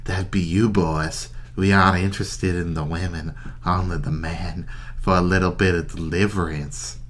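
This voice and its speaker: A man's voice: deep voice, steady tone, moderate pace, a bit bright, a little hiss or hum. A man voicing a brutish, menacing male bandit leader in a put-on Kentucky accent, with a gloating drawl. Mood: gloating menace.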